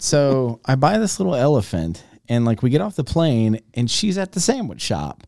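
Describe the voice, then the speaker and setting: A man telling lively stories as a podcast guest, laughing often and acting out what other people said. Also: medium pitch, moderate pace, creaky, no room sound, studio quality. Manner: animated, laughing, acts out quotes in other voices. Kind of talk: casual chat, storytelling. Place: small podcast studio. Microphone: studio mic.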